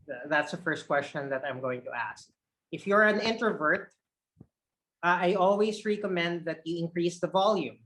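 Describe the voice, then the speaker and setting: A man's voice: on the high side, moderate pace, low-quality recording. A man coaching call center trainees on a video call, shifting his energy up and down to show tone of voice. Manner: expressive, shifts energy up and down to demonstrate tone. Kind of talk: online training session.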